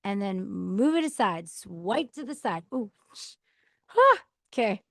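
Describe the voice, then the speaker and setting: A woman with a mid-range, sing-song voice, a touch of vocal fry and a bit of brightness speaks unhurriedly. As a podcast host she gives a chatty advice monologue on choosing peace, acting out quoted replies and laughing now and then; her counter mic yields studio quality with no room sound.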